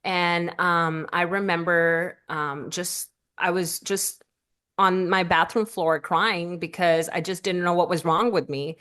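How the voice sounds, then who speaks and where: A woman guest on a podcast telling a personal story, halting and tearful at times, her voice lifting when she quotes her own thoughts. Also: lowish voice, steady tone, pushed and bright. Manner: halting, with fillers and restarts, voice rising in quoted self-talk.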